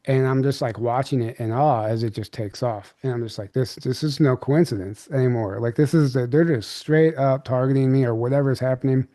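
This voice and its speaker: A man's voice: mid-range voice, brisk, hardly any pauses, warm tone, no echo, studio quality. Rambling man telling a strange story. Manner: rambling, filler-heavy recounting with many restarts. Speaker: podcast guest. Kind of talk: candid storytelling.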